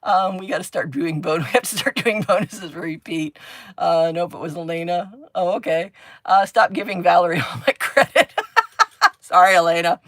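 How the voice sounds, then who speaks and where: A woman's voice: on the low side, fairly bright tone, no echo. Chatty, laughing woman hosting a craft livestream. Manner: chatty, rambling, laughs often, hums sound effects while drawing. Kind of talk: casual chat while crafting.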